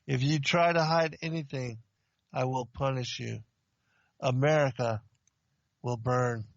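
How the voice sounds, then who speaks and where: A stern male angel of God delivers slow, solemn warnings, as a man retells his words. The voice drops a little lower and keeps a gravelly edge. The recording is dry and dull. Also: steady tone, dry recording. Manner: solemn, slow, commanding pronouncements.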